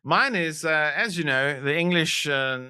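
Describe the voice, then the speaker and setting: A man's voice: on the high side, animated, measured pace, bright, forceful tone, clean tone, no echo, studio quality. A South African man co-hosting a trivia podcast, posing questions and explaining answers in a playful manner. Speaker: podcast co-host, quizmaster. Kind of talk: casual trivia chat.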